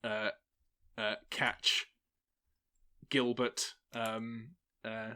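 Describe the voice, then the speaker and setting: A man narrating as game master, halting with many fillers and often laughing. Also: fairly low pitch, little pitch movement, sharp tone, smooth.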